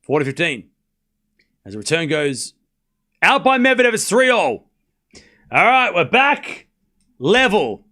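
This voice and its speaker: A man hosting a live tennis watchalong stream, giving rapid play-by-play calls and joking sarcastically with his chat. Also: high voice, sing-song, bright, forceful tone. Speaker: stream host and commentator.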